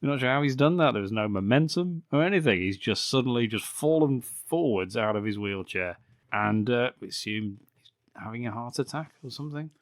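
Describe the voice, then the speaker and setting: A man's voice: medium pitch, lively intonation, a little fast, dry recording, studio quality. Sweary man recapping a film. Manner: laughing, sarcastic retelling. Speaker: podcast host.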